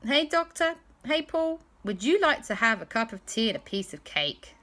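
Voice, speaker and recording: A homely grandmother from a bedtime storybook, as a woman puts her on, offering tea and cake in a lifted, sing-song voice. Her tone is bright and lively. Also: a little high, moderate pace, pitched above the performer's own voice. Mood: welcoming. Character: warm, hospitable older grandmother.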